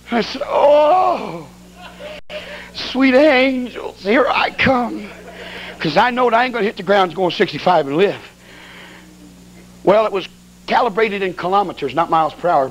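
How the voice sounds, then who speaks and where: A man preaching a sermon as an evangelist, telling a funny story in a folksy, colloquial and excitable way. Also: sits high, a little hiss or hum.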